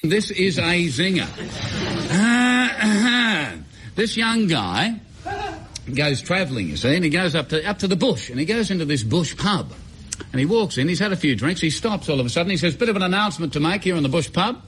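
A man's voice: sits high, very animated, normal speed, fairly bright tone, a little hiss or hum. A man telling a tall-tale joke on a radio show, chuckling and repeating himself as he goes. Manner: chuckling storyteller, repeats words and restarts.

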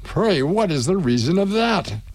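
A man's voice: sits high, sing-song, a little slow, a little mellow, pitched above the performer's own voice, heavily acted. A man reading the part of a cheeky young man who keeps questioning his old father, his voice raised.

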